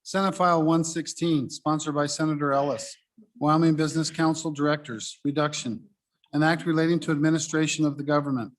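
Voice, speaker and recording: A man serving as reading clerk, reading bill titles and committee reports in a steady, listing manner. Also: on the high side, a little fast. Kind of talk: formal reading aloud. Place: legislative chamber.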